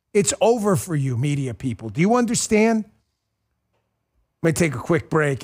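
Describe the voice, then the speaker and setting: Middle-aged man, talk show host, high-pitched voice, mocking animated monologue, sarcastic.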